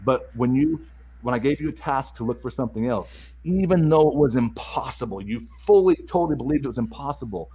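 A middle-aged man telling a story as a guest in a casual chat, animated, repeating words and acting out the dialogue. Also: mid-range voice, brisk, slightly rough, rough recording.

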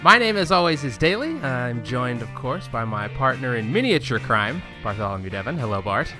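A man's voice: mid-range voice, big pitch swings, moderate pace, over music. A man hosting a podcast, chatting in a playful, joking way. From New Zealand. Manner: playful, jokey introductions. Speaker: podcast host. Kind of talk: casual chat.

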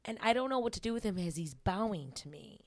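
Young woman, comedian, podcast guest, casual storytelling, animated, laughing, dry close sound. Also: medium pitch, fast talker, dry recording.

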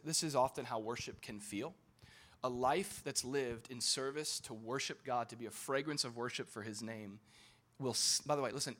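A man preaching an impassioned sermon as pastor, swinging between loud urging and low intimate tones and often repeating his words.

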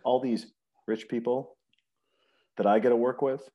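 A man's voice: medium pitch, fairly even intonation, unhurried, warm tone. An American man co-hosting a casual podcast, telling stories in an enthusiastic, rambling way. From United States. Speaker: podcast co-host. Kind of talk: casual chat.

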